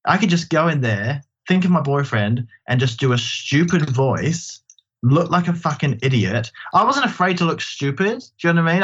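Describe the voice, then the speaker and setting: A man who performs in drag, chatting as an interview guest in an animated, self-deprecating way. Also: medium pitch, highs cut off, a little hiss or hum. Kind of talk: casual interview chat.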